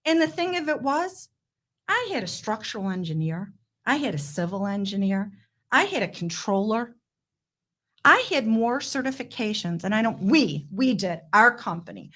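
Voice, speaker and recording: A middle-aged woman, a guest, telling her story in an impassioned, blunt way with quick asides. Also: on the high side, sing-song, a bit bright. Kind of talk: emotional interview storytelling.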